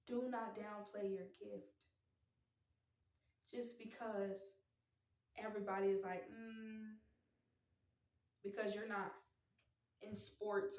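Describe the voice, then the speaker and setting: An American woman talks through a tarot reading in a loose, earnest, rambling way, circling back over the same phrases. Her voice sits in a mid range and carries a roomy echo. She sounds a little set back from the microphone. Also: medium pitch. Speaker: tarot reader. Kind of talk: casual spiritual tarot reading. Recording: echoey room, voice from a distance.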